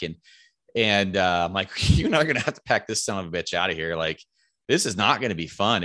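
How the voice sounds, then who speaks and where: A man's voice: on the low side, sharp tone, dry recording, clean studio sound. A man, likely in his thirties, casually telling a rambling, profane hunting story and raising his voice to quote his friends.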